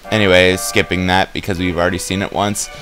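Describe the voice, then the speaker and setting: Low-voiced young man rambling through a game. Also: flat delivery, fast, fairly bright tone. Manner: rambling and joking, with many fillers and restarts. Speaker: let's play gamer. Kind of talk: casual game commentary. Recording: game music playing behind.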